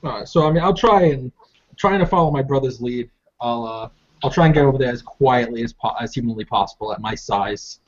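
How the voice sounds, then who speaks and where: A man's voice: mid-range voice, brisk. Hesitant male player on muffled call. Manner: hesitant, stop-start with fillers. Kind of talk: casual tabletop game play. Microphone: video call. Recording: dull lo-fi call audio.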